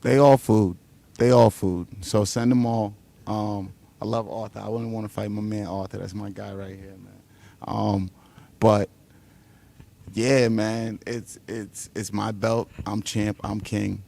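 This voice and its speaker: A fighter at a press conference, his voice sitting low with a rough, gravelly fry. He talks trash in a brash, profane way, boasting and taunting his opponent. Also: level tone, unhurried, darkish tone. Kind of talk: trash talk.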